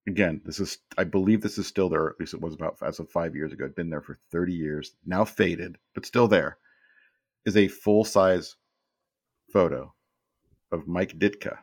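A man's voice: low voice, no echo, studio quality. A man in his fifties, a podcast guest telling stories in a rambling, casual way and often repeating words as he starts a sentence. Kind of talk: casual storytelling chat.

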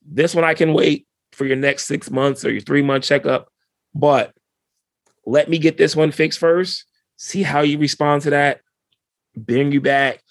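A male dentist as a podcast guest, telling stories in a relaxed, slangy way and acting out his patients' lines. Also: fairly high pitch, measured pace, no echo. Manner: lively, acts out patient dialogue in quoted voices; laid-back, slangy. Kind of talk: casual interview storytelling.

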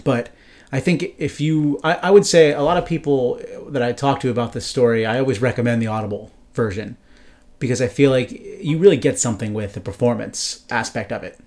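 A man chats about a novel on a podcast, keen and a little rambling. His sentences loop back with "like" and "you know". His voice sits at an ordinary middle pitch. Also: brisk, a little mellow. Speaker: podcast co-host. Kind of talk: casual book discussion.

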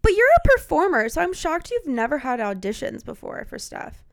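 A woman with a fairly high voice and a gravelly edge talks in an easygoing, casual way. She leans heavily on fillers and often retells what a friend said. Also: normal speed. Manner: relaxed, filler-heavy, retells friend's words. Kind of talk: casual chat.

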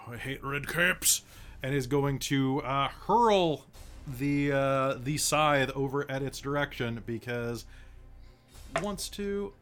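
Bright-voiced casual male game master. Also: mid-range voice, lively intonation, takes it slowly, faint music behind. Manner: casual, rambling with fillers. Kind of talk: narrating a tabletop game.

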